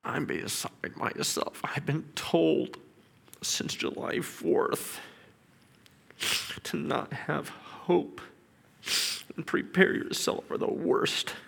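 A man's voice: a little high, very animated, drawn-out words, creaky, long pauses, slightly rough. A middle-aged man giving an earnest, emotional personal testimony as a father. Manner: earnest, emotional storytelling with quiet whispered prayers.

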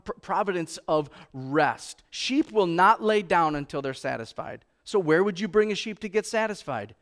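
A man with a fairly high voice preaches a sermon to a church congregation. He speaks conversationally and keeps asking the room questions. He slows right down when he quotes scripture. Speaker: pastor.

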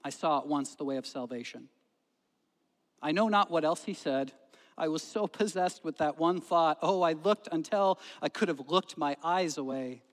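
A man preaching a sermon as pastor, telling a story and swinging between loud emphasis and hushed moments. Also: on the high side, normal speed. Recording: long hall reverb.

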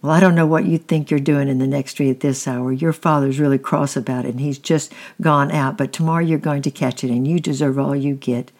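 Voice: mid-range voice, steady tone, fairly quick, few pauses, a little mellow, close to an everyday voice. A reader voicing a stern mother who speaks sharply and scolds her son in a storybook reading. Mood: scolding.

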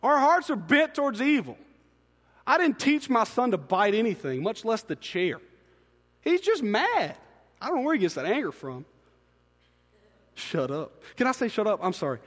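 A man's voice: high voice, sing-song, brisk, a bit bright. A man preaching a sermon as pastor, reading scripture with joking asides. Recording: long hall reverb.

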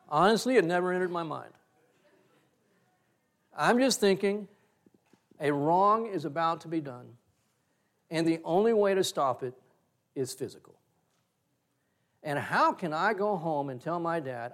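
Lively, somewhat high-voiced male preacher. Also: moderate pace, long pauses. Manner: animated storytelling with sudden loud jumps. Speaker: pastor. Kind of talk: sermon.

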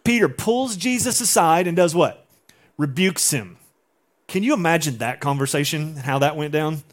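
A man preaches a sermon as if chatting with the room, with frequent rhetorical questions. His voice sits fairly high for a man, and he breaks into short acted-out lines. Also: expressive, normal speed. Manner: conversational, uses rhetorical questions and acted-out quotes. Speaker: pastor.

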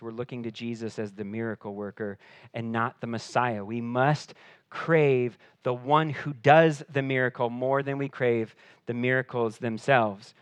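A man preaching a sermon as pastor, earnest, rising in pitch and force for emphasis and then dropping quiet, often repeating words as he restarts. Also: clean tone, no echo.

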